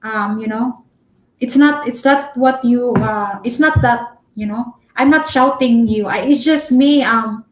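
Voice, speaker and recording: A young Filipino-accented woman, a Cebuano speaker, giving relationship advice in a chatty, loud-spoken live-stream vlog full of fillers. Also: a little high, a little slow. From Philippines. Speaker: vlogger. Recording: echoey room.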